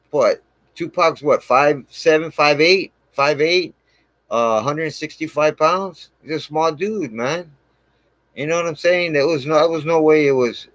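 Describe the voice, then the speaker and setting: Swearing heavily and tossing "man" into almost every sentence, a man rambles through his own story to camera on his channel. He has a slightly high, somewhat bright voice, captured in a dry recording with poor audio.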